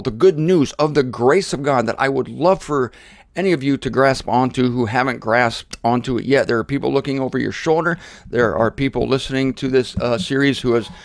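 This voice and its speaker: A middle-aged man preaching an informal sermon series, conversational and animated, mimicking his critics. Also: mid-range voice, dry recording.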